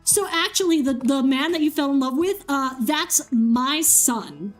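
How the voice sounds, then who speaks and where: A woman's voice: high-pitched, lively intonation, unhurried, faint music behind. A woman doing a smug, jealous goddess. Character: haughty jealous goddess, cruel mother-in-law.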